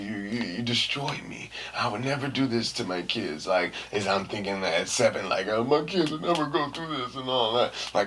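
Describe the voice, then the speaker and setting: Over a faint hiss or hum, this podcast host speaks in a mid-range male voice. Casual and full of slang, he narrates a story with lots of energy, performing the quoted lines and screams himself.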